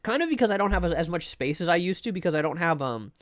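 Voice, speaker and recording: A man's voice: high voice, animated, quick pace. A man streaming live, chatting casually with viewers in a rambling way, full of fillers and restarts. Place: home room.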